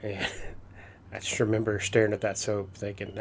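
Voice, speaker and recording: A man's voice: fairly low pitch, monotone, normal speed, a little hiss or hum. A man in casual, earnest storytelling, using folksy fillers and restarts as he reflects. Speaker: host of a reflective talk.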